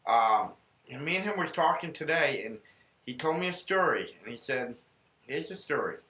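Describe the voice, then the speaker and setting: Bright-voiced man, earnest podcast host. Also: mid-range voice, animated, moderate pace. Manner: earnest, rambling storyteller. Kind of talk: casual faith podcast talk, storytelling. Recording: roomy room echo.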